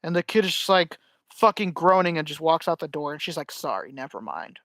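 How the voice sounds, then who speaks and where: High-voiced guy telling a story. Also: fairly quick, no echo. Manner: animated storyteller acting out quotes, swears. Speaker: podcast co-host. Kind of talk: casual chat.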